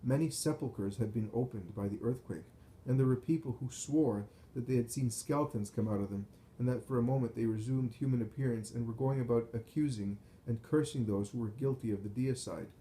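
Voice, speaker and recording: A man reading a first-person visionary account in a measured, solemn way. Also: medium pitch, mellow, slight background noise, poor audio. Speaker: narrator. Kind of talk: scripted first-person narration of a visionary text.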